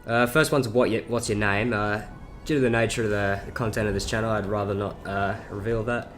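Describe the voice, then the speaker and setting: A man's voice: fairly low pitch, steady tone, brisk, fairly bright tone, faint music behind. A seventeen-year-old man with a South Australian accent, rambling through a casual Q&A vlog with lots of fillers and swearing. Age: teens. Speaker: YouTuber.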